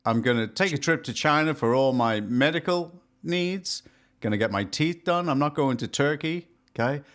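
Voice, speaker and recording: A man co-hosting a casual chat show, joking and animated. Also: on the high side, normal speed. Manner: jokey, animated, laughs at his own gags. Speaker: podcast co-host.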